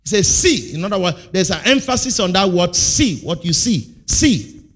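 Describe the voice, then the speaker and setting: A man preaching in a fairly high voice, calling out half-sentences for the congregation to finish. He hammers key words with loud, stretched bursts before dropping back to a steady teaching tone. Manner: call-and-response preaching, leaving blanks for the congregation; emphatic, with sudden loud, drawn-out bursts. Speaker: pastor. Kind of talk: sermon.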